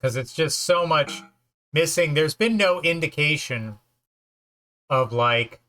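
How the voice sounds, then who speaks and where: A man's voice: fairly high pitch, takes it slowly, bright, forceful tone. A man streaming a game, chatting casually, joking and rambling as he plays. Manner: joking, rambling, puts on silly voices. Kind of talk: casual let's-play chat.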